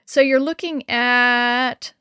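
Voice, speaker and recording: A woman reading a storybook, voicing a businesslike male taxi dispatcher who talks in a brisk, matter-of-fact way. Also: on the high side, steady tone, bright, forceful tone, clear, resonant tone, dry recording, studio quality.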